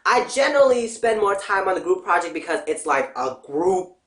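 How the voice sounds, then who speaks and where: A young adult woman vlogging in a casual, profane, blunt rant with an animated delivery. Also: medium pitch, moderate pace. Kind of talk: casual ranting vlog. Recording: roomy echo.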